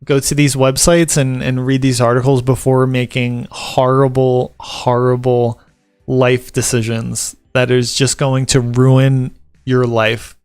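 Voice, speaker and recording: A man's voice: medium pitch, level tone, slow pace, a little mellow, smooth, no room sound, faint music behind. A man from the American South, a vlogger and tattoo apprentice, chatting casually to camera and reading article points aloud before riffing on them with jokes. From Southern United States. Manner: rambling and joking, reads article points aloud and riffs on them.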